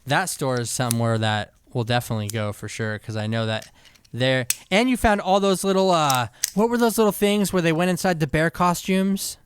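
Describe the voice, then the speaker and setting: A man co-hosting a podcast in casual chat, relaxed and wry, often restarting his sentences. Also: on the high side, moderate pace, slight background noise. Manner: relaxed, wry, self-correcting. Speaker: podcast co-host.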